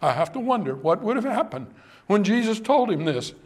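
A man preaching an evening sermon, impassioned and pleading, addressing his listeners directly and swinging from hushed to raised. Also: high-pitched, very animated, normal speed, breathy edge.

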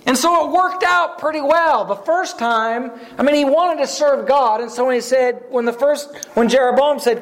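A man preaches a sermon, retelling a story and stopping to ask his listeners questions. His voice sits very high, and he often repeats words as he goes. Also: moderate pace, hardly any pauses.

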